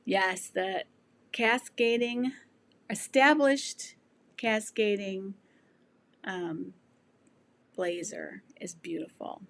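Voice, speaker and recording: With a little hiss or hum in the background, this woman in her sixties speaks very slowly, with long pauses, in a medium-pitched, fairly bright voice. Losing her voice, she hosts a casual sewing livestream and reads viewer comments, rambling and restarting with lots of ums.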